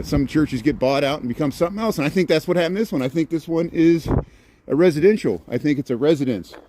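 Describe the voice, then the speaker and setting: A middle-aged man walking city streets at night, chatting to his phone camera in a rambling way with many restarts. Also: mid-range voice. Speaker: walking vlogger. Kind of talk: casual walking commentary. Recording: faint street and traffic noise.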